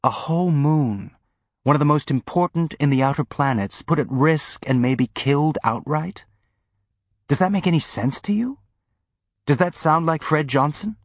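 A calm, steady spaceship engineer woman, as a male audiobook reader puts her on, pitched somewhat above his own voice. She talks in a measured, gently firm way, and the reading is close and dry. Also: no echo.

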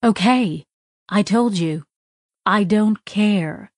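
A woman voicing a gruff, wary male alien shopkeeper, talking bluntly and defensively. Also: mid-range voice, drawn-out words, no echo, clean studio sound.

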